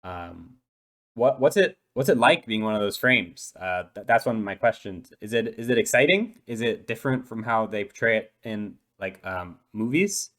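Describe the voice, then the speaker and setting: Man doing a stammering young dolphin boy, low-ish voice, hesitant and earnest, tabletop role-play. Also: lively intonation, normal speed, a bit bright. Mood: nervous, chatty. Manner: hesitant, full of ums and restarts. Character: shy eight-year-old dolphin boy.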